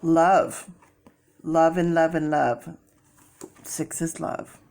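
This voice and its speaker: A woman's voice: low voice, level tone, drawn-out words, creaky, darkish tone. A woman doing a casual tarot reading, chatty and rambling, with many fillers and restarts as she explains her method. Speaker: tarot reader.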